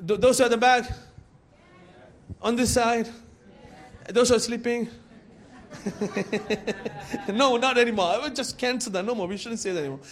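A man preaching a sermon to his church, swinging from loud shouts to quiet asides, with many fillers and restarts. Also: very high-pitched, moderate pace, pauses often. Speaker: pastor.

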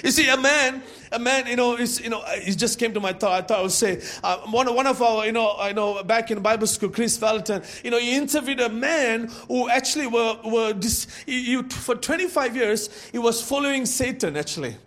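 Man, pastor, very high pitch, sermon with shouted peaks, filler-heavy. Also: brisk, hardly any pauses. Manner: preaching with rising shouts and many fillers.

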